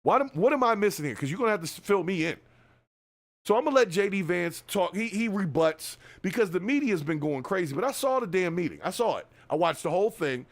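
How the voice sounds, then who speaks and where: Man, podcast host, high voice, profane, animated, casual commentary rant. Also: quick pace. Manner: profane, animated, talks straight to listeners.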